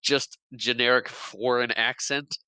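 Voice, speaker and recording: A man's voice: mid-range voice, fairly even intonation, measured pace, bright, forceful tone, clean tone, no echo. A man co-hosting a movie podcast who laughs often and playfully disagrees. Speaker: podcast co-host. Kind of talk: casual movie chat.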